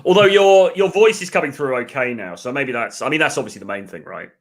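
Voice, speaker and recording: A man hosting a live stream over a video call. He talks in a loose, rambling way and teases his co-host lightly. His voice sits at a middle pitch. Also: lively intonation, quick pace. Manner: chatty, rambling, lightly teasing. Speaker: podcast host. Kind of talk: casual live-stream chat.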